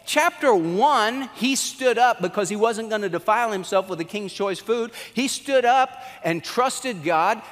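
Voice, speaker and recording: High-voiced man preaching in a reverberant hall. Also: moderate pace, hardly any pauses. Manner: animated storytelling, acts out quotes with swings in pitch. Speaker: pastor. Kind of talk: sermon.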